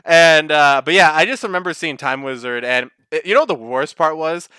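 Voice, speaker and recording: A young man co-hosting a casual podcast chat, animated and swearing, breaking into excited mock voices. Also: on the high side, a little fast, smooth, no room sound, studio quality. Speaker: podcast co-host.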